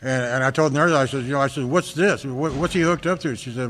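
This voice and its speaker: An American man from Fresno, California, giving an earnest personal testimony at a recovery meeting, halting often and repeating words as he restarts. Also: mid-range voice, fairly bright tone. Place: large hall at a convention. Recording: reverberant hall recording.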